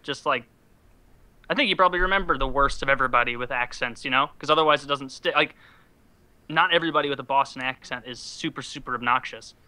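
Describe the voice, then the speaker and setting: A man's voice: mid-range voice, fast, sharp tone. A man with a nasal voice chatting casually, sarcastic and profane, often breaking into laughter. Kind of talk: casual chat.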